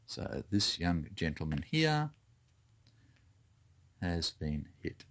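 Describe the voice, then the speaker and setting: Slow, musing man talking through a wargame. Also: low-pitched, very animated, a bit bright. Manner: muttering, thinking aloud while counting cards. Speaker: board game player. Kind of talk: solo tabletop wargame playthrough commentary.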